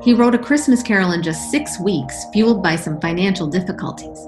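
A woman's voice: mid-range voice, animated, a little fast. Woman presenting over music. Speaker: presenter for a county arts program. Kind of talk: informational narration. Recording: narration over loud music.

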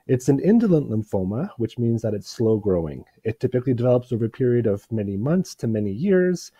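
A man presenting a medical lecture, slightly hoarse from a cold, explaining in a measured way with frequent pauses and fillers. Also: mid-range voice, sing-song, mellow, dry recording. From Canada. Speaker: hematologist presenter.

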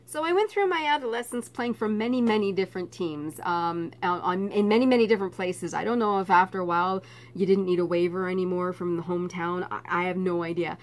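A middle-aged woman from Canada telling a personal story in a casual vlog, laughing often and getting animated. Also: mid-range voice, a little fast. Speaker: vlogger.

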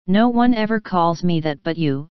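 A woman's voice: on the low side, lively intonation, moderate pace, smooth, no room sound, lo-fi sound, natural voice. A woman voicing a teasing young newlywed man. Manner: teasing, playful.

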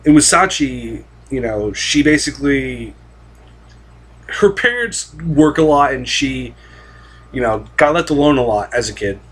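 A man's voice: medium pitch, animated, a little slow, slightly rough. A young man talking casually and rambling about anime, swearing freely and restarting his sentences with lots of fillers. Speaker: anime vlogger.

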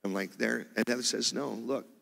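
A man preaching, telling a testimony story in an animated way with loud bursts of exclamation. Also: mid-range voice, normal speed, creaky. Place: church sanctuary. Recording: reverberant church hall.

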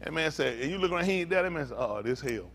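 A man, a pastor telling lively, laughing stories in a sermon, full of slang. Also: fairly high pitch, very fast. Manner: animated, laughing storytelling with Southern slang. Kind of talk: storytelling sermon.

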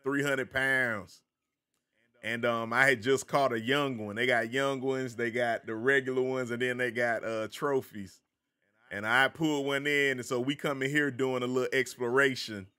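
A man's voice: mid-range voice, pushed and bright. Laid-back Southern American man streaming. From American South, the Carolinas. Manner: laid-back, chatty, greets viewers by name. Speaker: game streamer. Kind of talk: casual live-stream chat with viewers.

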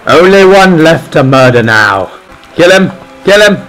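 A young man giving excited gameplay commentary, swearing, laughing and shouting orders. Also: a little high, a little slow, slight background noise. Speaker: gaming video host.

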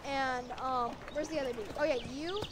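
High-voiced bossy gamer girl over loud noise. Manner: bossy, excitable, gives quick instructions to the others. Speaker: game player. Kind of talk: excited role-play banter while gaming.

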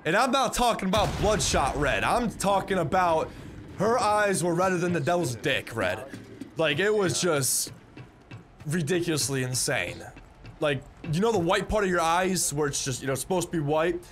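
A man's voice: fairly high pitch, animated, normal speed, fairly bright tone, slight background noise. A young man telling a story in a casual, rambling way, often repeating words and swearing bluntly. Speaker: vlogger.

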